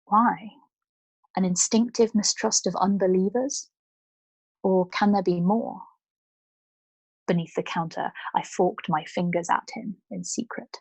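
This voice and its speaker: A woman reading a novel aloud as a nightly bedtime story, steady and often hushed. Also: mid-range voice, unhurried, creaky, long pauses, slightly rough, no room sound.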